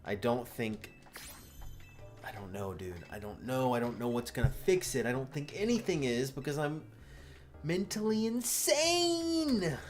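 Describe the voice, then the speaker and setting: A man's voice: mid-range voice, normal speed, darkish tone, faint music behind. A man streaming a game live, muttering frustrated thoughts to himself with frequent sighs. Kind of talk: live gameplay commentary.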